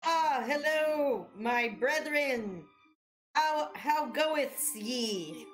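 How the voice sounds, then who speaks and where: A woman's voice: high-pitched, expressive, very slow, faint music behind, voice pushed up, exaggerated voice, low-quality recording. A woman playing a short, pompous self-proclaimed heir who speaks in mock-archaic phrases. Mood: lofty, scheming. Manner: mock-archaic, grand, teasing.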